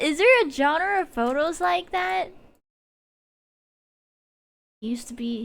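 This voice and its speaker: A woman with a notably high voice chats casually on a home stream. She wanders between thoughts, giggles often and restarts sentences. It sounds like an easy, unscripted ramble into a desk mic. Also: a bit bright. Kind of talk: casual chat while streaming.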